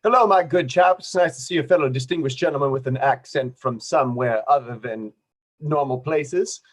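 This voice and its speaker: A man playing a pompous old-fashioned gentleman with a put-on transatlantic accent, in an improvised comedy scene over a video call. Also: mid-range voice, brisk, close to an everyday voice. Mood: haughty. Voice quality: affected, haughty upper-class delivery.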